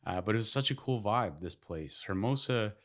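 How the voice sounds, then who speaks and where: A Canadian man on a podcast as a guest tells stories loosely and with animation, laughing and swearing a lot. His voice sits on the low side and he speaks at normal speed.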